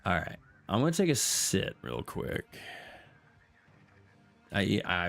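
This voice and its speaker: A man streaming a multiplayer game, chatting casually and jokingly, repeating himself and popping into sudden high exclamations. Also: wildly swooping pitch, slow, vocal fry, a bit bright. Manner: playful, jokey, repeats himself, jumps into squeaky exclamations. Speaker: gaming streamer. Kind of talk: casual multiplayer gameplay chat.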